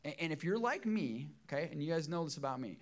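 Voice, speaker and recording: Middle-aged male pastor, emotional and emphatic sermon delivery, somewhat high-pitched voice. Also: sing-song, fast talker. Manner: emotional, emphatic preaching with repeated phrases.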